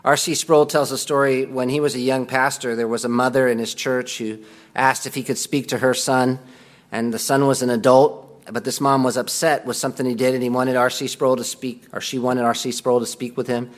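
A man's voice: mid-range voice, flat delivery, fairly quick. A man teaching a Bible class in a conversational way, reading quotations aloud and commenting on them.

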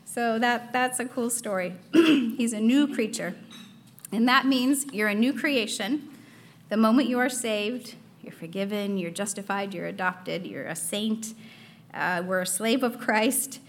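A woman's voice: a little high, a little slow, slight background noise. A young adult woman giving a casual devotional talk, earnest, reading quotations aloud with frequent fillers.

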